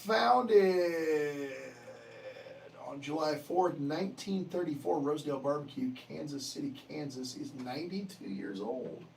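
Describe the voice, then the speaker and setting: A man's voice: on the high side, measured pace, creaky, darkish tone, far from the mic, a little hiss or hum, low-quality recording. A man hosting a livestream, chatting casually and answering viewer comments in a profane, joking way. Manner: profane, joking, laughs often. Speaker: livestream host.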